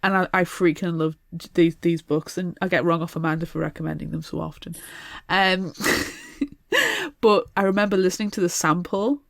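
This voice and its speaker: A woman's voice: fairly low pitch, sing-song, moderate pace, no echo, studio quality. A British woman co-hosting a podcast in casual chat. She talks with enthusiasm and rambles through restarts. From Britain. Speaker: podcast co-host.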